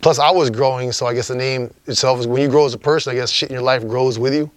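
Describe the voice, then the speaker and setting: A man's voice: medium pitch, steady tone, quick pace, no echo. A man telling a story as an interview guest, in a rambling, profane, laid-back way.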